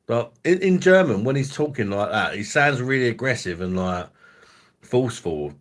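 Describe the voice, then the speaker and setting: A man's voice: medium pitch, animated, normal speed. A man hosting a casual livestream chat, rambling and swearing freely with the odd chuckle. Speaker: host.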